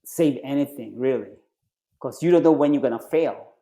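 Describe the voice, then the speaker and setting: A man guest on a podcast, a retired Navy SEAL and triathlete, telling stories casually with loose phrasing and lively acted-out quotes. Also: moderate pace. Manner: animated, acts out quoted voices with jumps in pitch; loose phrasing with frequent restarts and fillers. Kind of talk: casual storytelling in conversation.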